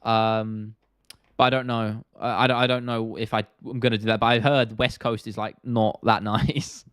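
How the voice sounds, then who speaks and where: Brief: casual young British live streamer, slangy, dry close mic. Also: male voice, lowish voice, level tone, normal speed, fairly bright tone, clean tone, no room sound. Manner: laid-back, rambling, slangy. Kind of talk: casual live stream chat reading viewer questions.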